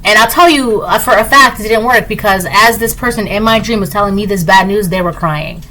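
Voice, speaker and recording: A woman's voice: mid-range voice, a little fast, sharp tone, slight background noise, low-quality recording. Woman, tarot reader, casual and rambling, breezy, dismissive. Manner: rambling, full of "like" and "right?"; breezy and dismissive, repeats "blah, blah". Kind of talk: casual tarot reading to camera.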